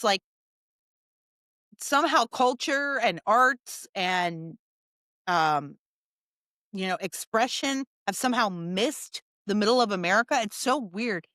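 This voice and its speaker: A woman's voice: mid-range voice, a bit bright, dry recording. A woman hosting a political opinion monologue, talking emphatically and sarcastically and hammering points by repeating them. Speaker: political commentator host.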